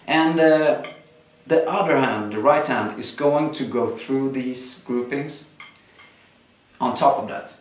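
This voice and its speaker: A male drum teacher talks through his exercises slowly, pausing on fillers as he explains. His voice sits at an ordinary pitch and rings around a very echoey room, picked up from some distance. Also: faint music behind. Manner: slow, explanatory, with frequent fillers. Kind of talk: instructional drum lesson. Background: drums played between explanations.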